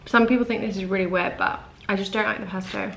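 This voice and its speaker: A young woman talks straight to the camera in a casual vlog, her pitch sitting in an ordinary middle range. She chats at home and gushes freely, with "like" scattered through nearly every sentence. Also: steady tone, quick pace, vocal fry, a bit bright. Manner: chatty, says "like" often, gushing. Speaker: fashion vlogger. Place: at home indoors.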